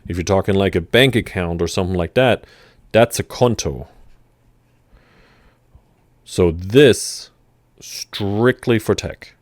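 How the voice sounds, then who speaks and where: A man giving a relaxed, chatty language lesson, with fillers and restarts. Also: sits low, slow pace, long pauses, no room sound. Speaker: language teacher. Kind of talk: casual vocabulary lesson.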